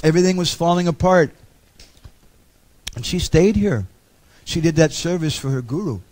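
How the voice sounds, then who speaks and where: Animated storytelling man, higher voice. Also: normal speed. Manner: animated storyteller, humorous asides. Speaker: pilgrimage lecturer. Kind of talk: storytelling lecture.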